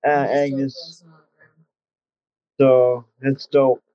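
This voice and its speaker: A man's voice: mid-range voice, little pitch movement, very slow, dry recording. Laid-back man on dull call audio. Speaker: panel guest. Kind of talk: casual livestream chat.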